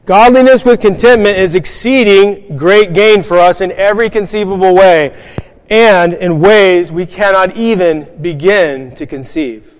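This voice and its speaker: Guy preaching in church, high voice, long hall echo, earnest and emphatic. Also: unhurried. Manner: earnest, emphatic, rhetorical questions to the congregation. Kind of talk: sermon.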